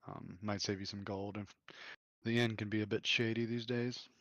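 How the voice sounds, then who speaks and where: A man doing a quiet grateful townsman. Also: level tone, moderate pace, no room sound, dull audio. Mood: earnest. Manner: quiet, low-key. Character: grateful father, a townsman armorer.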